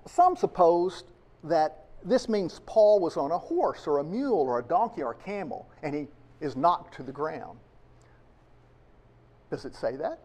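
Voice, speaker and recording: A man's voice: on the high side, darkish tone. A man preaching a sermon to his congregation, emphatic and full of rhetorical questions. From United States. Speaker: pastor.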